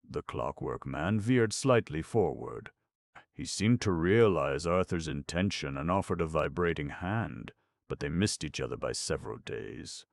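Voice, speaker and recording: Very deep gravelly male narrator. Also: expressive, a little slow, no room sound. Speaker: audiobook narrator. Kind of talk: scripted narration.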